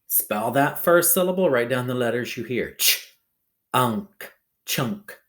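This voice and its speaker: A man teaching a phonics lesson to young pupils, slowly sounding out syllables and checking in with a bouncy "okay?". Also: mid-range voice, expressive. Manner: slow, exaggerated sounding-out of syllables; ends phrases with a bouncy "okay?".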